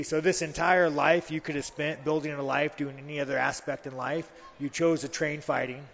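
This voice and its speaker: A man's voice: a little high, fairly even intonation, moderate pace, gravelly, few pauses, a bit bright, long reverb tail. A man, a pro fighter on a live talk show, telling stories bluntly and with plenty of swearing. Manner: blunt, profane, rambling storytelling. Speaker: fighter guest. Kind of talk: casual chat.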